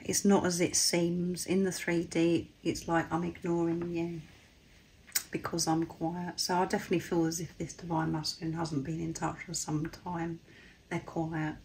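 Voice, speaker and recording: Low-voiced woman, bit croaky and husky, earnest spiritual card reading, soft faint hiss behind. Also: monotone, rough recording. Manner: earnest, soft, repeats phrases with pauses. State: slightly hoarse, husky.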